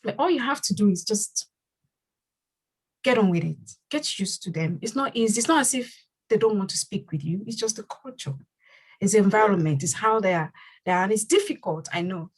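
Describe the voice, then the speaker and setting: Husky-voiced woman hosting a community talk. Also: mid-range voice, poor audio. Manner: earnest, repeats phrases for emphasis. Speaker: community leader and host. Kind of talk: community panel discussion.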